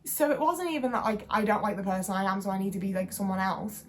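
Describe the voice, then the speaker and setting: Young woman, casual vlog, rambling, lots of fillers, self-deprecating, middle pitch. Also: expressive, fast talker, slight background noise. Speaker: vlogger. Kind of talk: casual talking-to-camera vlog.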